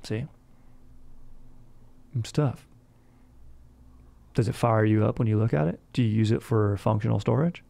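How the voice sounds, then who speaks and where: A man's voice: on the low side, a little slow, creaky, pauses often, mellow. A young man hosting a comedy podcast, chatting casually in bro slang and saying "dude" all the time. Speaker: podcast host.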